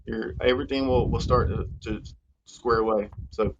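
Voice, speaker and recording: Halting male health coach, muffled audio. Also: medium pitch, steady tone, gravelly, background noise. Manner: halting, many fillers and restarts. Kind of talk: live Q&A chat.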